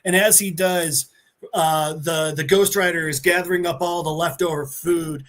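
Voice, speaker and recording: Animated man retelling a comic. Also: on the high side, moderate pace. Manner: animated storyteller, slips into voices. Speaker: podcast co-host. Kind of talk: casual comic-book recap.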